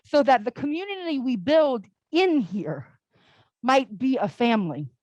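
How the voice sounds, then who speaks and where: High, sing-song and darkish in tone, this young adult woman speaks at a measured pace, recorded dry with the highs cut off. Her all-ages church sermon is casual and story-driven, peppered with "like."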